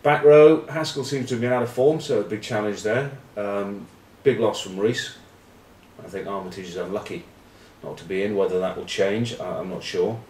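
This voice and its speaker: A low-voiced man hosts a casual rugby vlog, rambling on with wry, cheeky asides. He sits back from the mic, and his voice carries in a roomy, echoey space. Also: normal speed, a little mellow, slight background noise. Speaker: rugby pundit and vlog host. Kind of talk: casual rugby chat to camera. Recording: roomy echo, distant mic.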